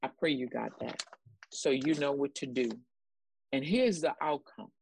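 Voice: medium pitch, unhurried, gravelly, darkish tone, a little hiss or hum, poor audio. A minister teaching a Bible lesson, repeating key points and acting out quotes to the listeners. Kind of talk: sermon-style Bible lesson.

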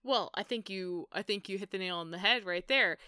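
A woman co-hosting a podcast, chatting about a TV show in an animated, jokey, enthusiastic way. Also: mid-range voice, a little fast, clear, resonant tone, dry recording, studio quality. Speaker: podcast co-host. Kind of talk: casual chat about a TV show.

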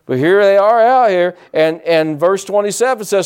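A male pastor preaching a sermon, animated, acting out quotes and calling for responses from the congregation. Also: high voice, normal speed, hardly any pauses, clear, resonant tone.

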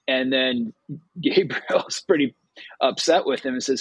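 A man hosting a Gospel reflection show, explaining scripture in an animated way and acting out the quoted words. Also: medium pitch, slow pace, husky, no echo, rough recording. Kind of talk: scripture discussion.

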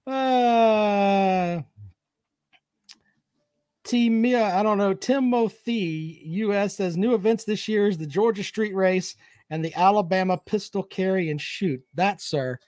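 A man's voice: high voice, takes it slowly, a little mellow, dry recording, clean studio sound. A man hosting a casual sports chat show, reading viewer comments and joking with profanity and trash talk.

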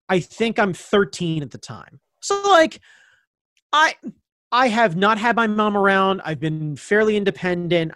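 A man's voice: high-pitched, a bit bright, no room sound. A man from suburban Baltimore County telling a personal story in casual chat, rambling with lots of fillers and blunt swearing. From suburbs of Baltimore County, Maryland.

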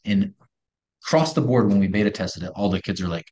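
Guy w a low voice pitching hard on a podcast, emphatic, keeps asking rhetorical questions. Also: brisk, darkish tone. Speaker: company co-founder pitching a product. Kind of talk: podcast interview.

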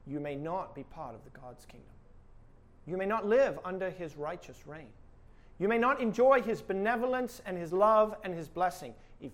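A man's voice: high voice, expressive, moderate pace. A male pastor preaching a sermon with emphatic delivery and rhetorical questions.

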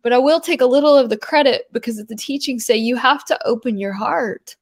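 A woman's voice: fairly high pitch, a little fast. A woman talking about spiritual practice in an earnest, rambling way, full of "like" and "you know". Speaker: podcast guest. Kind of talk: spiritual conversation.

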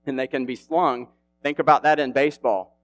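A man preaching a casual, animated sermon in an easygoing, slang-filled way. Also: medium pitch, moderate pace.

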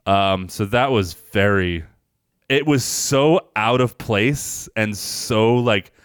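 A man with a low, smooth voice chats loosely on a movie podcast, piling up fillers and casual swearing. He retells scenes with animated bursts, and the sound is close and dry. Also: slow, no echo. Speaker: podcast co-host reviewing films. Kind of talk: casual chat.

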